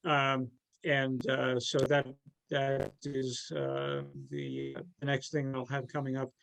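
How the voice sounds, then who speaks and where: A man's voice: mid-range voice, slow pace, a bit bright, low-quality recording. A man guest, a writer, talking hesitantly with many fillers. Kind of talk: casual round-table chat.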